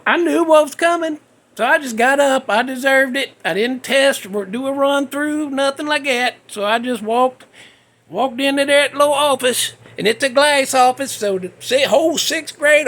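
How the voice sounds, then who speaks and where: A man's voice: extremely high pitch, moderate pace, fairly bright tone. A middle-aged man hosting a podcast, telling a rambling, self-mocking story in a folksy way with loose grammar. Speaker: podcast host. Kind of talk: casual storytelling monologue.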